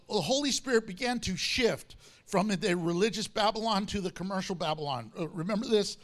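A man preaching a sermon, reading scripture aloud with strong emphasis and lively commentary. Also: high-pitched. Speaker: pastor.

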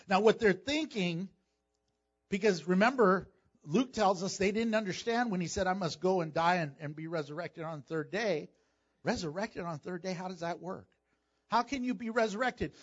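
A man preaching a sermon as pastor, animated and jokey, acting out the voices of people in the story. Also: high voice, moderate pace, muffled recording.

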